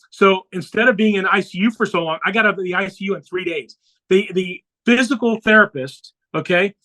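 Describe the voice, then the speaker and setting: A man with a high, bright voice tells a personal story as a podcast guest. He speaks earnestly and slips into the voices of the people he quotes. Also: low-quality recording.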